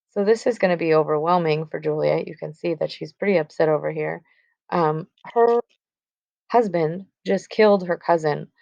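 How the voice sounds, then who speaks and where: A woman teacher explains a stage play in a casual, filler-laden way. Her voice is low and gravelly. The recording is dry and dull, with a lo-fi sound. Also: normal speed, darkish tone, no echo. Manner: casual, with fillers like 'um' and 'like'.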